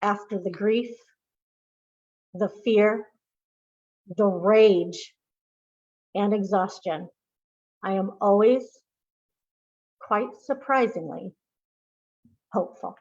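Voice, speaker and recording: Slow, emphatic woman reciting poetry. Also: mid-range voice, a little mellow, lo-fi sound. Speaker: poet. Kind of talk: poetry reading.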